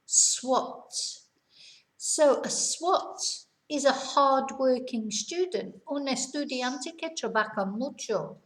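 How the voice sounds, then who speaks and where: A woman leads a vocabulary lesson at an unhurried pace. Her voice sits a touch high and she explains each term patiently with examples. The recording has a noticeable roomy echo. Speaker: English teacher.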